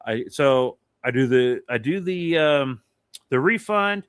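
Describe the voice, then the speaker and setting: A man's voice: medium pitch, slow pace, clear, resonant tone, dry recording, clean studio sound. A man co-hosting a casual talk show, telling a long story with a lot of swearing. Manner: animated, swearing, rambling anecdote. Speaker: podcast co-host.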